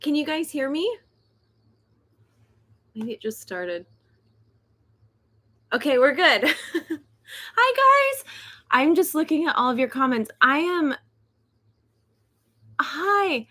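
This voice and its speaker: A woman's voice: sits high, big pitch swings, slow pace, pauses often, sharp tone. Nervous, chatty woman on a livestream. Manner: nervous, chatty, laughs often. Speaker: host of a decluttering channel, author. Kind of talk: casual livestream chat. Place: home in South Korea.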